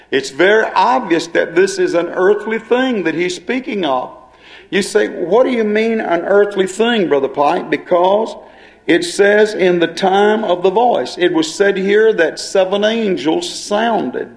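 A man's voice: high voice, vocal fry. A male preacher delivering a sermon, dwelling on and repeating key phrases as he explains scripture.

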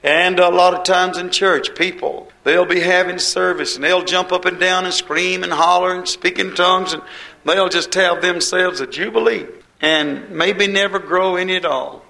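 A man's voice: high voice, fairly even intonation, normal speed, creaky, sharp tone, rough recording. A man preaching a sermon in a folksy, homespun way, with dialect and quoted voices.

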